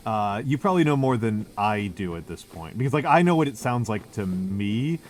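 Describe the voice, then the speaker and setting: This American man has a fairly low, expressive voice at normal speed, with a little hiss or hum on the recording. He rambles casually to his stream viewers, self-deprecating and often starting over, as music plays in the background.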